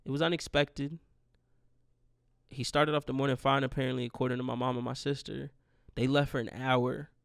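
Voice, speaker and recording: A man's voice: medium pitch, level tone, brisk, gravelly, pauses often, smooth, no echo, studio quality. A man in his twenties hosting a podcast, telling a rambling, profane, grieving story in a casual monologue. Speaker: podcast host.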